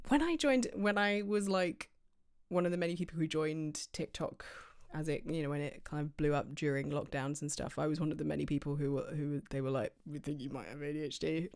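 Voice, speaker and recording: A woman's voice: lowish voice, a little mellow. A woman streamer chatting casually from her home office, rambling with lots of fillers and tangents. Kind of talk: casual livestream chat.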